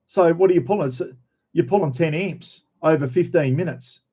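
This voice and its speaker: Rambling Australian man with a mellow voice. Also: on the high side, moderate pace, breathy edge. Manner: rambling, repeats himself, says "everyone" and "bloody". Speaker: livestream host. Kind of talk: casual live chat reading viewer names.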